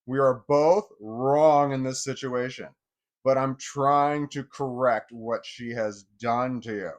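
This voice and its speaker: A man's voice: medium pitch, fairly even intonation, slow pace. Rambling, profane middle-aged man. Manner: rambling and profane, with many restarts. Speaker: vlogger. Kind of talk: casual personal storytelling.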